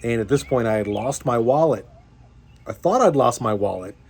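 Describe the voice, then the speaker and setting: A young fishing vlogger's medium-pitched, darkish voice, expressive and with a breathy edge, moves at a moderate pace as he rambles about a bad day. Casual and self-deprecating, he fills the story with fillers and restarts.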